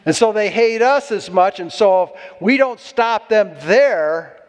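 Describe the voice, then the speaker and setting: A man's voice: sits high, animated, measured pace, long reverb tail. A man preaching a sermon as pastor, exhorting and calling for amens from the congregation.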